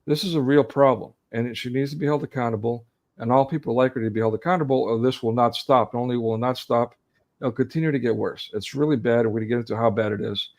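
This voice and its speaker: A man's voice: mid-range voice, steady tone, fast, darkish tone. A man in his forties, co-hosting an online talk on a video call, speaking earnestly and getting emotionally charged, often restarting his sentences. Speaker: co-host. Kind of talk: casual online discussion.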